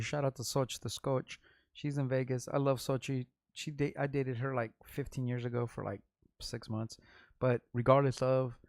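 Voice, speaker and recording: A man's voice: mid-range voice, vocal fry, no room sound. A middle-aged man from Los Angeles, a rapper hosting his own vlog, telling a long, rambling, profane story in casual talk and repeating himself. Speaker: vlog host, underground rapper.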